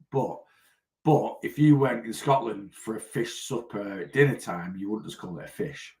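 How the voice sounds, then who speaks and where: A man's voice: lowish voice, fairly quick, a bit bright. A man, a weight loss coach chatting casually on a livestream, rambling and answering viewer comments as he goes. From North West England.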